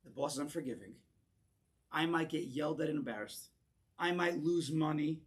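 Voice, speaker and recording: A man, a rabbi, teaching a class in a synagogue, animated and drawing in his audience, often restarting words as he goes. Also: on the high side, normal speed. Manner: animated, acts out voices in quoted lines, repeats words as he restarts. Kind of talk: lecture with audience discussion.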